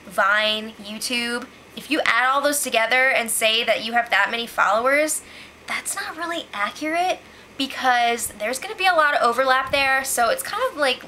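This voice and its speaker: A woman's voice: a little high, bright, forceful tone, a little hiss or hum. A woman recapping a reality show in a casual vlog, chatty and opinionated, saying "like" a lot. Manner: chatty and opinionated, heavy use of "like".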